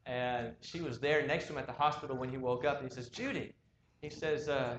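A man's voice: mid-range voice, steady tone, fast talker, fairly bright tone, roomy sound, muffled recording. A man preaching a sermon, earnestly urging his listeners and pressing them with repeated questions.

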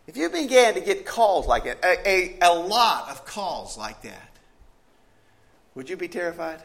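Male preacher, high lively voice, chatty storytelling sermon full of rhetorical questions. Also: unhurried, vocal fry.

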